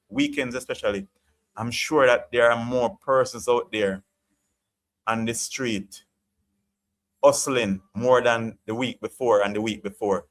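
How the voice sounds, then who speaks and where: On a live chat stream, a Jamaican man with a Jamaican accent rants with passion in a medium-pitched, fairly bright voice. His opinionated monologue is full of repetition, including a recurring "you get what I'm saying."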